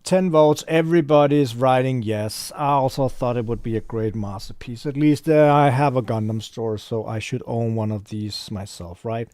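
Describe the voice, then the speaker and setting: A man chatting casually on a livestream, rambling and thinking aloud as he reads viewers' messages. His voice is middle-pitched and sits close and dry, with no room around it. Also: normal speed, few pauses, a little mellow, no echo. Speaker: store owner livestreaming.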